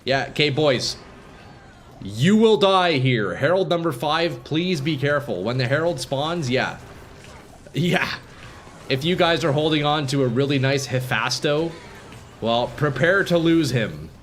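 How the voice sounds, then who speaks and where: A man streaming live gameplay, commenting casually to his viewers and swinging from calm explanation to excited shouting. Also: medium pitch, a little hiss or hum. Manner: casual, profane, addresses chat as boys.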